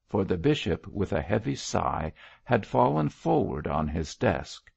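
A man narrating an audiobook of a period novel in a measured, expressive reading. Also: sits low, vocal fry, breathy edge, no echo, dull audio. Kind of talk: scripted narration of a Victorian novel.

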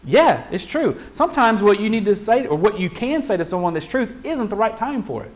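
A man preaching a sermon as pastor, in a conversational style full of rhetorical questions and quick restarts. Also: sits high, big pitch swings.

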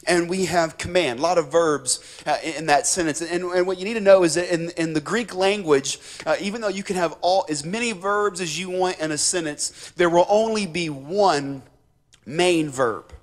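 A man's voice: on the high side, normal speed. A male missionary preaching a sermon in a church, emphatic, repeating key words and building in fervor. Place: church sanctuary.

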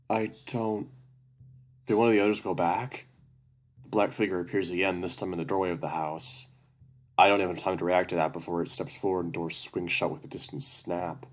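A man reading a first-person horror story aloud at a steady, even pace. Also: sits low. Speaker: audiobook narrator.

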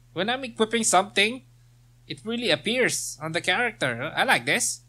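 A man casually commenting while playing a game, reading quest text aloud and joking with quick laughs. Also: a little high, bright, forceful tone. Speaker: let's play gamer.

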